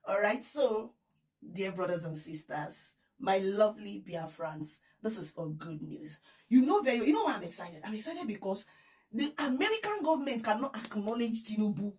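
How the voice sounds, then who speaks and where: A Nigerian woman vlogs with bubbly, giggly excitement, pressing the same appeals again and again. Her voice sits at an ordinary middle pitch for a woman. She sounds a little distant from the microphone. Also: normal speed. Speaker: vlogger. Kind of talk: excited news vlog.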